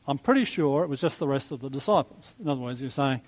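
A man preaching a sermon in a conversational, reflective way, with soft chuckles. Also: medium pitch, lively intonation, brisk, poor audio. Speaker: pastor.

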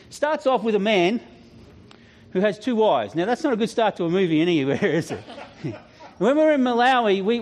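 High-voiced, chatty male preacher. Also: a little mellow. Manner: chatty, humorous storytelling with asides. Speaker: youth pastor. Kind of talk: sermon.

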